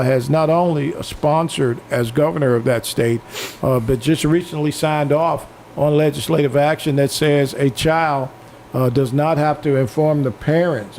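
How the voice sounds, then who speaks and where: Blunt, hesitant man with a higher voice. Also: a little mellow, slight background noise. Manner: blunt and profane, with frequent "uh" hesitations. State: drinking. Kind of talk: opinionated political talk.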